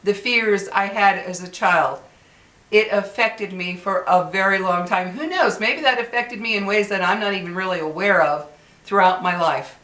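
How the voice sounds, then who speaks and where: A woman's voice: medium pitch, moderate pace, fairly bright tone, reverberant, poor audio. A woman in her sixties venting bluntly and heatedly to her viewers, repeating herself as she complains. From United States. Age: 60s. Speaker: vlogger. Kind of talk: angry venting to camera.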